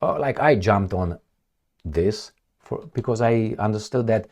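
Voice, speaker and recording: A political commentator goes solo on news stories, reading headlines aloud, then ranting back at them bluntly and sarcastically. His voice sits on the low side with a darkish tone, and he talks a little slowly.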